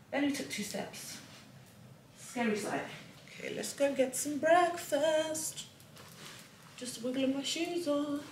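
In a mid-range voice, a young travel vlogger chats to her viewers while getting ready in a hotel room, joking about herself along the way. The sound is roomy and recorded from a distance, with background noise.

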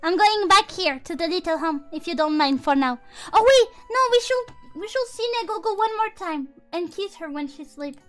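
A young woman chatting on a live stream, excitable and shrieky, thanking viewers and apologizing a lot. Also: very high voice, moderate pace, faint music behind. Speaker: VTuber streamer. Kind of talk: casual live-stream chat.

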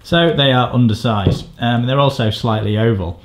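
A man reviewing a bike frame in a crude, rambling, sardonic way, swearing freely and shifting between mumbled asides and louder rants. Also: normal speed. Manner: swearing, rambling, sardonic, pitch jumps up when ranting. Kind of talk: crude comedic tech review.

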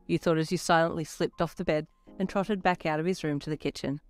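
A woman narrating second-person fanfiction in a lively storytelling manner. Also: low-pitched, a little fast, few pauses, no room sound. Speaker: fanfiction reader. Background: soft electronic backing music.

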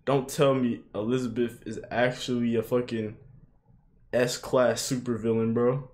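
A young man reacting to an anime episode in casual commentary, swearing a lot, shouting "yo" and "bro" and bursting into high laughing yelps. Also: unhurried. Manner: excitable, swearing, frequent "yo" and "bro" exclamations.

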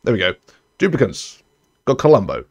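A man's voice: wildly swooping pitch, normal speed, gravelly, darkish tone, husky, lo-fi sound. A young man, casually commenting while playing a colony-building game, rambling and correcting himself as he goes. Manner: chatty, rambling, self-correcting, trails off low. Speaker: gaming streamer. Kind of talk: casual let's-play commentary.

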